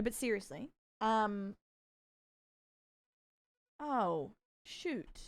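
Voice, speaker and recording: A young woman with a soft Australian accent chatting casually on a live stream. She is bubbly and chatty, gushes with excitement, and fills pauses with frequent ums. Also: medium pitch, no echo. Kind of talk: casual live-stream chat with a sponsor read.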